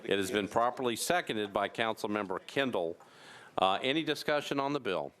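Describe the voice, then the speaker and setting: Low, smooth-voiced man chairing a council. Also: lively intonation, a bit bright. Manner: brisk, routine parliamentary cadence. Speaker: council president chairing meeting. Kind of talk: formal procedural reading of bills. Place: council chamber.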